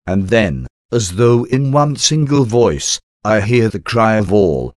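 Man, low voice, slow devotional reading, dry close sound. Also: animated, no room sound. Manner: slow, solemn, prayerful. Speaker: devotional reader.

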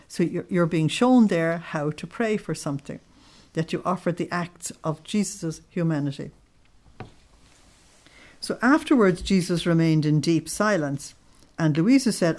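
Woman teaching, lowish voice. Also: lively intonation, measured pace, a little mellow. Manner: explains readings, checks in with listeners. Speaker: religious teacher. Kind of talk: devotional study talk.

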